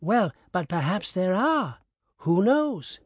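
A man's voice: high voice, sing-song, slow, breathy edge, dry recording, clean studio sound, voice pushed up, full character voice. A man reading aloud, voicing a frail, meek old peasant man with a weak voice. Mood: gentle.

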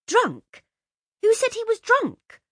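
A woman reading a story aloud, voicing an earnest young woman who pleads in a high, breathless, urgent way. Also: sing-song, moderate pace, slightly rough, dry recording, clean studio sound, full character voice. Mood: indignant.

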